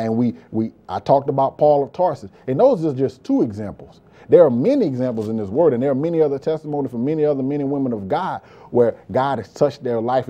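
A man's voice: medium pitch, dark tone, dull audio. A male pastor preaching a sermon with impassioned repetition, often calling out to listeners as beloved. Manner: impassioned preaching, frequent "beloved" and "praise God", repetitive emphasis.

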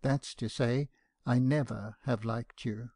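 A man reading the lines of a tearful, earnest young woman in an audiobook, pitching his voice up a little and pleading. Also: steady tone, takes it slowly, warm tone, no room sound, clean studio sound.

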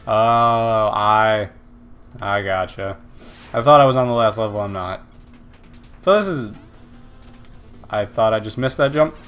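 A man's voice: lowish voice, unhurried, long pauses, clean tone, soft background music. A man casually commenting on his own gameplay, yelping and swearing at his failures and mocking other gamers. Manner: excitable, yelps and swears at failures. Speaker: let's play gamer.

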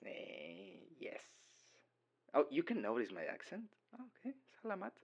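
A young man rambles through a casual voicemail role-play, giggling at his own jokes as a dorky boyfriend. His unhurried delivery swings widely in pitch. The recording sounds dull and lo-fi. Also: wildly swooping pitch, slightly rough.

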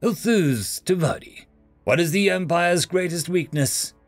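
A man's voice: high voice, unhurried, no echo, faint music behind, voice pushed up. A man voicing a proud, scheming female alien podmother who talks in a haughty, hissing way. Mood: knowing.

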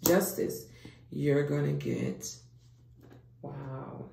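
A woman giving a casual tarot reading to her viewers, expressive, dropping into hushed whispers and rising into excited exclamations. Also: low-pitched, very slow, vocal fry. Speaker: tarot reader. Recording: echoey room with background noise.

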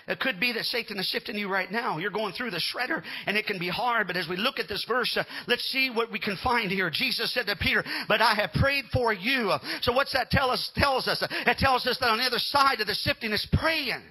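Husky, high-pitched shouting preacher man. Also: a little fast. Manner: shouting, fervent preaching with calls of amen and hallelujah. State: out of breath. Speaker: pastor. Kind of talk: sermon.

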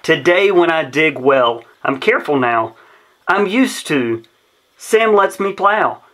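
A man's voice: a little high, a bit bright. A man reading a rhyming children's story aloud in a rhythmic, sing-song way. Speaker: storybook reader.

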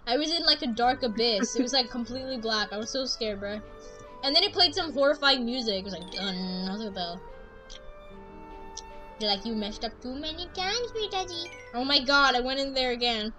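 A woman streaming a game, chatting casually in slang and breaking into loud outbursts. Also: fairly high pitch, fast talker, poor audio. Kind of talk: casual gaming livestream chat. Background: game music.

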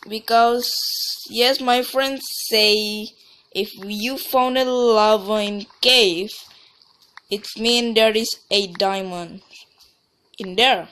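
A woman talks her way through a video game in unhurried, casual commentary. She rambles, repeats herself and often stops partway through a thought before starting over. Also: a little high, fairly bright tone, slight background noise. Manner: rambling, restarts and trails off mid-sentence. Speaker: let's play gamer.

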